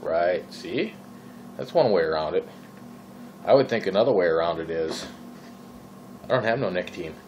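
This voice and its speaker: A man's voice: low voice, lively intonation, normal speed, pauses often, darkish tone, lo-fi sound, a little hiss or hum. A man from Minnesota with a Minnesotan accent, rambling casually in his vlog, full of fillers and exasperated questions. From Minnesota, USA. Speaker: vlogger. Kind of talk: casual vaping vlog rant.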